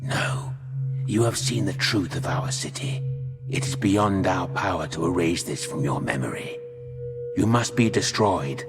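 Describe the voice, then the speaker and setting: A man voicing a cold, proud disembodied alien brain ruler with a hoarse, rasping voice. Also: low voice, animated. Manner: proud, menacing, slow. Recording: long reverb with music behind.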